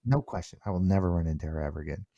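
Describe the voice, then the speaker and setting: Middle-aged man, low voice, dry close sound, podcast guest, animated storyteller who stumbles and restarts. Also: racing, creaky, no echo, lo-fi sound. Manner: animated, repeats words when restarting, acts out quoted dialogue. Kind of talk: conversational storytelling.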